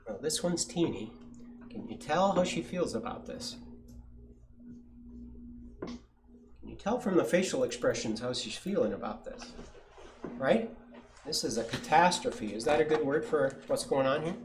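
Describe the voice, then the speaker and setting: A man's voice: medium pitch, animated, moderate pace, pauses often. Guy doing storytime for kids, chatty, asks questions, faint hiss behind. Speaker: science center educator. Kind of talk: reading a picture book aloud to children. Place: science center, livestream.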